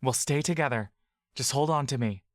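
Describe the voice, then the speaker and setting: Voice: mid-range voice, moderate pace, no room sound, clean studio sound, natural voice. The audio drama narrator voicing Laurel, a kind, wounded male shapeshifter healer, in an urgent and reassuring manner.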